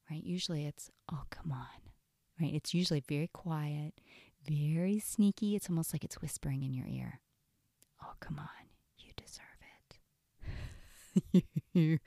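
A woman's voice: deep voice, creaky, darkish tone, dry recording, studio quality. A woman coach giving an earnest teaching talk on self-care, often asking "right?".

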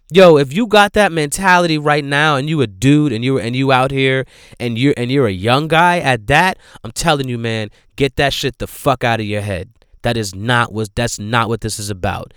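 A man hosting a casual movie review chat, emphatic and profane, breaking into loud outrage. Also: medium pitch, clean tone, no room sound, clean studio sound. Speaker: podcast host reviewing movies.

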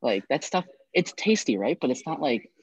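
A young man from the Midwest chatting casually, laid-back and quick to laugh. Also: mid-range voice, big pitch swings, breathy edge, no echo, poor audio. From Chicago area, US Midwest. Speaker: grad student interviewee. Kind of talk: casual chat.

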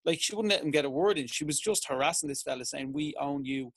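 A man's voice: on the high side, quick pace, fairly bright tone, husky, no echo. An Irish man, a teacher and TV presenter, chatting on a podcast and acting out conversations as he tells stories. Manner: chatty storyteller, acts out exchanges. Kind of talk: casual chat.

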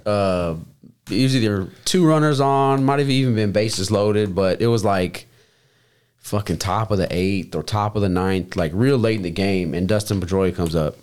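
Low-voiced young man telling a story. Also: moderate pace, darkish tone, clean tone. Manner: rambling, profane, laid-back storyteller. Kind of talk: casual chat, storytelling.

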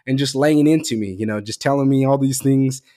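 A man's voice: mid-range voice, a little fast. Blunt, profane man telling stories. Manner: blunt, profane, animated storyteller. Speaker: podcast host. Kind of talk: casual podcast storytelling.

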